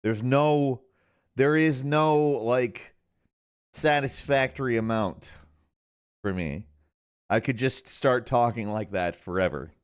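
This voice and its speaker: A man's voice: medium pitch, takes it slowly, long pauses, clean tone. A man hosting a live stream, chatting casually in a rambling way with lots of restarts. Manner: rambling, hesitant, many restarts. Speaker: streamer host.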